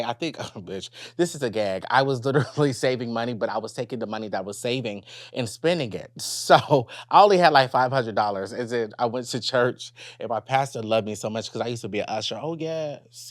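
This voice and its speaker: Man, podcast host, sassy, blunt, playful, mid pitch, dry sound. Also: dry recording. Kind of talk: casual podcast chat.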